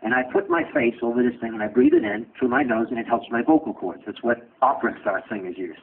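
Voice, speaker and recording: Gravelly man lecturing in a tinny recording. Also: mid-range voice, wildly swooping pitch, quick pace, a little hiss or hum. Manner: asks and answers his own questions, blunt joking asides. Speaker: medical lecturer. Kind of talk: lecture with questions to students.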